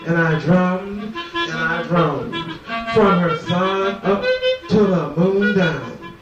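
Incantatory male poet over music. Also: sits high. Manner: slow, incantatory, sinking to a hush. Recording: echoey, dull and distant, with music.

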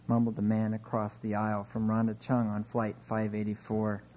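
Middle-aged male author, warm low tone, relaxed informal reading of his short stories. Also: normal speed, hardly any pauses, a little hiss or hum, poor audio. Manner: relaxed, chatty asides between dry readings.

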